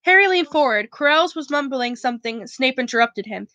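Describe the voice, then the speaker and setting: Bright high-voiced woman reading aloud. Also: lively intonation, a little fast, few pauses, dry recording. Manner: stumbles and restarts often, chatty asides. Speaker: book club reader. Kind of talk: casual read-aloud of a novel.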